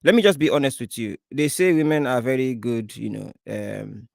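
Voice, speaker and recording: A man's voice: medium pitch, normal speed, gravelly, darkish tone, no echo, clean studio sound. A man from Africa hosting a reaction video, cutting in with blunt, teasing remarks. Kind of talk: reaction commentary.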